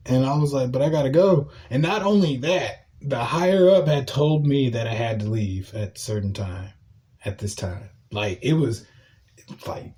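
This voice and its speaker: A man hosting a podcast, telling a casual story in a profane, animated way and breaking into loud shouting. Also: medium pitch. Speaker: podcast host.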